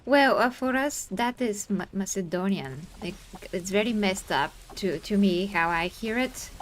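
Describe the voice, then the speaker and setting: A woman from Bulgaria with a Bulgarian accent, chatting excitably while streaming a game. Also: mid-range voice, measured pace. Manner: excitable, bursts of laughter and sound effects. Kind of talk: casual gaming stream chat.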